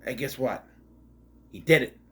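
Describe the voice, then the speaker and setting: A man talks through a movie in a loose, rambling review, full of sarcastic asides and self-corrections. His voice sits at an ordinary middle pitch. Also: animated, a little slow, fairly bright tone. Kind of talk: casual spoken movie review.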